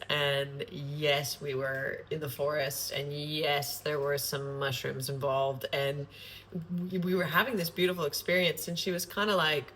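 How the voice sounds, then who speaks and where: A woman's voice: low-pitched, fairly bright tone, slight background noise. A woman talking to camera in a loose, rambling monologue, earnest and sprinkled with swearing. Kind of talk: casual spontaneous monologue.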